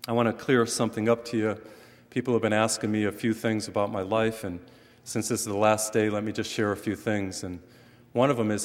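Middle-aged priest preaching in an echoing hall. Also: male voice, on the low side, fairly quick. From western Massachusetts. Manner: animated preaching with rising emphasis and humorous asides. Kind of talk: sermon. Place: church. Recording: long reverb from a large hall.

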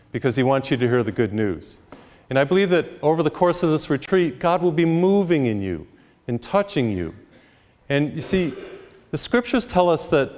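Man, priest, sermon, funny stories, live church retreat, echoing hall. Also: a little mellow. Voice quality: storytelling, acts out characters with pitch jumps. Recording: long reverb of a live hall.

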